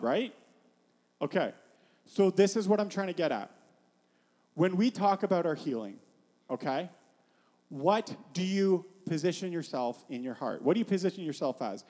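A man's voice: a little high, a little mellow. A man gives an informal sermon in a slightly raised voice, wandering through asides and fillers and turning to the listeners with questions. His voice trails off into a long reverb, as in a big hall. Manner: chatty and rambling, full of fillers, asks the listeners questions. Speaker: preacher. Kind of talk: casual sermon.

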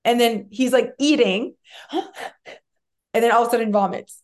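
A woman in her thirties, co-hosting a podcast in a casual chat, telling an animated, rambling story full of fillers. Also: fairly high pitch, normal speed. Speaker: podcast co-host.

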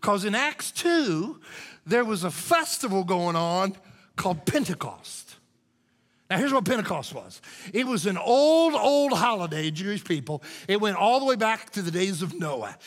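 A male pastor delivering a sermon, swinging between loud shouts and hushed asides. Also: sits high, very animated, unhurried, long reverb tail. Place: church sanctuary.

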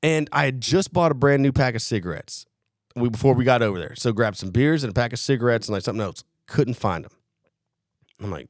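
A man's voice: mid-range voice, fast, no room sound. A man spinning a rambling, swear-filled story on a casual podcast, breaking into laughs and acting out both sides of an argument. His voice sits in a middle register and is recorded dry and close. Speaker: podcast co-host, former Marine.

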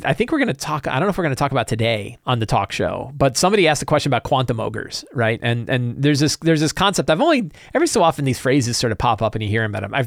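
A man's voice: mid-range voice, no echo, clean studio sound. A middle-aged man talking casually as a game master about preparing his next session, thinking aloud with frequent restarts. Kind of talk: casual solo talk about game prep.

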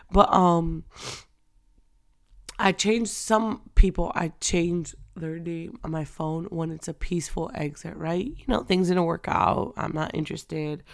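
A young woman with a lowish, gravelly voice talks unscripted about faith and dating, candid and chatty. She laughs often and moves between hushed asides and loud, preacher-like stretches. The sound is dry and close. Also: steady tone, a little slow, dry recording. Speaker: faith-based podcast host. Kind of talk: unscripted casual girl talk. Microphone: audio only, not on camera.

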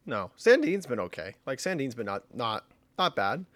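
A man's voice: medium pitch, sing-song, moderate pace, fairly bright tone, no echo. Male podcast co-host, dry close sound, hesitant casual chat that trails off.

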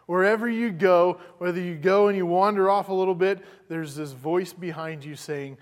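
A pastor delivers a sermon in a relaxed, conversational way, often doubling back on his words. His voice sits a little higher than most men's. The sound carries the long, lingering echo of a large church sanctuary. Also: normal speed, hardly any pauses. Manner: conversational, repeats words, chuckles.

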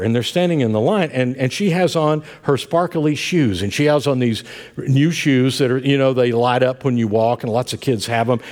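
Older Appalachian pastor, lively folksy sermon. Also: male voice, mid-range voice. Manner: folksy storytelling, warm asides.

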